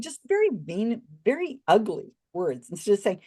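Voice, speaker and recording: A woman guest on a podcast, telling a story expressively with many restarts and asides. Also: slightly rough. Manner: expressive, swings pitch widely when recounting others; talks in quick restarts and asides. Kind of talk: animated storytelling in a casual interview.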